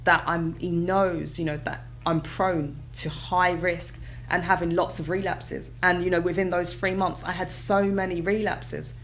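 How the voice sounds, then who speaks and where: A British woman, a mother, telling her own story in a casual interview, lively and expressive, often acting out her past reactions. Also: lowish voice, a little slow, few pauses. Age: adult with children. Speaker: guest.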